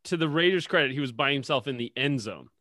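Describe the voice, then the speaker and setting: A man's voice: mid-range voice, expressive, fast, pushed and bright, no room sound, studio quality. Laughing, swearing podcast guy. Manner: swears a lot, laughs at his own stories. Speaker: podcast co-host. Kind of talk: casual sports podcast chat.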